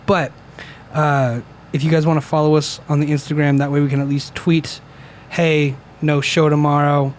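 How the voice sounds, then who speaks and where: A man's voice: on the high side, flat delivery, brisk, a little mellow, slight background noise. A man co-hosting a casual podcast, upbeat and joking, greeting viewers in the chat. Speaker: podcast co-host.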